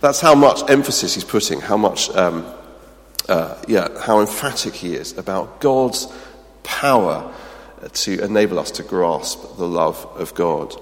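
A man's voice: sits low, expressive, measured pace, in a large hall. A man preaching a sermon, earnest and emphatic, often restarting with ums, then leading a closing prayer.

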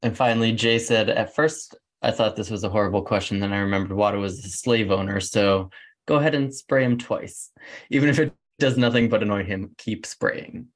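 A man hosting a podcast, reading out listener answers in a lively, laughing way. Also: on the low side, fairly quick. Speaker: podcast host.

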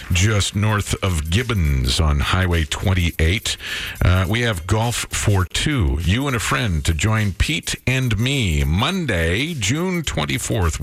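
A man's voice: low voice, slightly rough. A man hosting a radio show, chatting easily with his co-host and reading out contest details. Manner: relaxed, chatty, reads promos. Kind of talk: morning radio banter.

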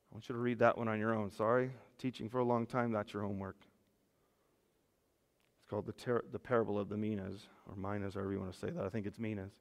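Animated male pastor in echoing hall. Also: medium pitch. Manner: animated preaching, voice rising and falling. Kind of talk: sermon. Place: church hall. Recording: long hall reverb.

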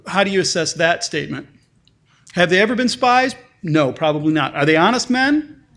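A man's voice: a little high, animated, moderate pace, creaky, a bit bright. A male pastor preaching a sermon in a conversational way, often restarting and repeating words, and reading scripture passages aloud with lifted emphasis.

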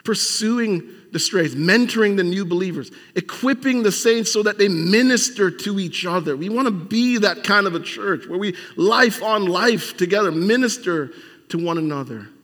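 A man with a fairly high voice preaches a sermon in a church sanctuary, talking conversationally and often restarting his sentences. He presses his points with strings of rhetorical questions, and his voice rings out with a long reverb from the hall. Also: animated, moderate pace, a bit bright. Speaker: pastor.

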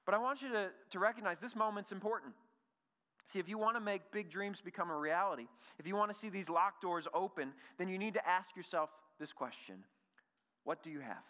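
Man preaching, earnest, lots of questions, bright voice, big echoey hall. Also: high-pitched, brisk. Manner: earnest, asks many rhetorical questions, repeats words. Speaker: pastor. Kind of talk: sermon. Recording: reverberant hall.

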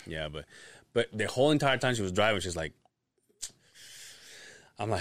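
A man's voice: on the low side, animated, normal speed, pauses often, a bit bright, dry recording, clean studio sound. A young man telling a funny story on a podcast, laughing often and swearing casually. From Latin America. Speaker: podcast host.

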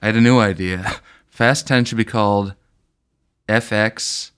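A man's voice: on the low side, steady tone, a little slow, a bit bright, clean tone. A man co-hosting a casual comedy podcast, riffing on movie and celebrity news. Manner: jokey, riffing on pop-culture news. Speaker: podcast co-host.

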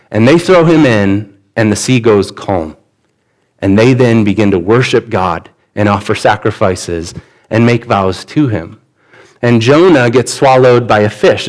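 A man's voice: medium pitch, poor audio. A man, a pastor, preaching a sermon and retelling a Bible story in an easy conversational way, voicing the characters' lines.

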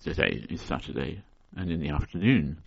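A man hosting a podcast, explaining in a deadpan, mock-scholarly, tongue-in-cheek way. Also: extremely low pitch, moderate pace, gravelly, lo-fi sound, noisy background. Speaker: podcast host. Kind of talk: solo spoken explainer.

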